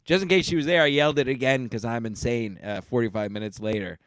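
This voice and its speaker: A man telling a story on a casual podcast, animated and profane, laughing as he talks. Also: mid-range voice, quick pace, smooth, no room sound. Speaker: podcast guest.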